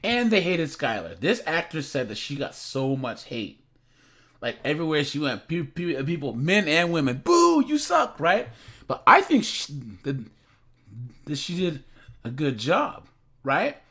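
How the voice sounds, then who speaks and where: A man hosting his own reaction commentary, talking at home into a desk mic. His voice sits a little high for a man, and his pitch swings a lot. He rambles, doubles back on his words and laughs easily. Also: sing-song, measured pace, fairly bright tone. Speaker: reaction channel host.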